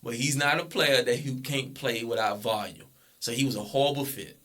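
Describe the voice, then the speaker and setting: Young male co-host, bright voice, steady, reasoned sports talk. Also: mid-range voice, moderate pace. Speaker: podcast co-host. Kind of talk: casual sports debate.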